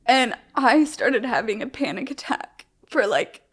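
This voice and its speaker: Young woman with fillers, slightly high voice. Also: lively intonation, measured pace, breathy edge. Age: young adult. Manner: rambling, heavy on "like" fillers and restarts; open and emotionally frank. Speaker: interviewee. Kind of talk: candid personal storytelling.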